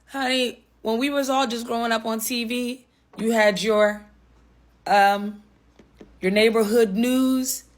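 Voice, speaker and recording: A woman's voice: fairly high pitch, fairly even intonation, slow. A woman talking casually to camera, chatty and overwhelmed. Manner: overwhelmed, chatty, says honey.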